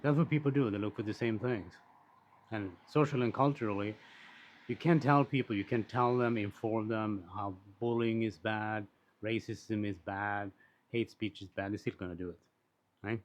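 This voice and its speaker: A man talking in a casual, rambling monologue, blunt and quick to swear, with frequent restarts and asides. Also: fairly low pitch. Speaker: commentator on social issues. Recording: dull lo-fi recording.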